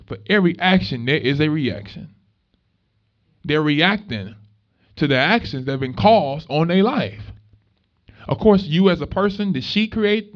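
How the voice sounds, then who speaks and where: A young man, a minister and activist, talking to an audience in an animated way and acting out voices as he tells stories. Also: a little high. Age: young adult. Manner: animated storytelling, acts out voices in dialogue. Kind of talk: conversational talk to an audience. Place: event space at a market. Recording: dull lo-fi recording.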